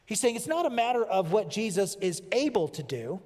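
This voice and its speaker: A man preaching a sermon as pastor, earnest and emphatic, slowing down to stress key phrases and repeating them. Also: sits high, sing-song, a little mellow. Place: church sanctuary. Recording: long church-hall reverb.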